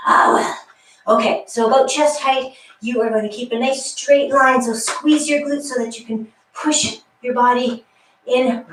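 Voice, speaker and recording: A woman leading a guided workout class, counting reps with chatty asides and slightly out of breath. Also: a little high. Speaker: fitness instructor. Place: exercise room with a wall. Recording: echoey room, mic far off.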